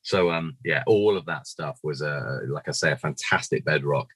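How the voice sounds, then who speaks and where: A man in his forties, a puppeteer guest telling animated anecdotes in an interview with a naturally low voice. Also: moderate pace, husky, no room sound. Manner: animated storyteller, acts out quoted voices.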